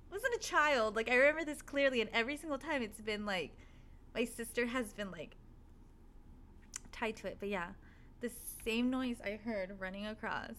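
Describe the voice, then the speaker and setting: A woman telling a spooky personal story in casual chat, animated and swearing freely as she acts out what people said. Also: mid-range voice, a little hiss or hum. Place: apartment.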